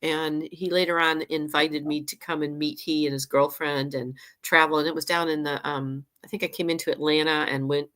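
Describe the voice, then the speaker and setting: A woman's voice: sits low, flat delivery, normal speed, hardly any pauses, a bit bright. A woman co-hosting a casual podcast chat, telling rambling, reflective anecdotes. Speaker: co-host, astrologer.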